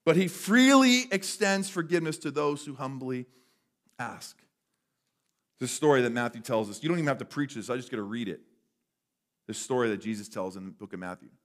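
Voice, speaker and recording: A male pastor preaching a sermon in a church, conversational and animated, sometimes dropping to a hush for effect. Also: mid-range voice, a little fast. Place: church sanctuary.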